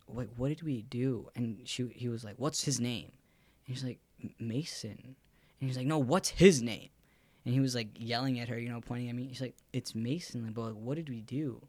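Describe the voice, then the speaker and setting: Relaxed young man, rambling casual chat. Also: mid-range voice, dry recording. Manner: relaxed, rambling, heavy on filler words.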